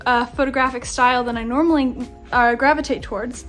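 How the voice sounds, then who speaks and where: A woman's voice: on the high side, fairly even intonation, fairly quick, a bit bright, faint music behind. A woman giving a chatty vlog walkthrough of her craft studio, with lots of "um" and "like". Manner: chatty, with fillers like "um" and "like". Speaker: small business yarn dyer.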